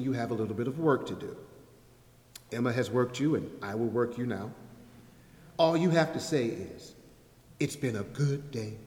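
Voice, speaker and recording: A man with a mid-range, darkish voice speaks as the guest speaker at a church service, reciting a rhyming spoken-word poem with a playful rhythm during his sermon. He leads the congregation in call-and-response, and the sanctuary's echoey acoustics give a long reverb.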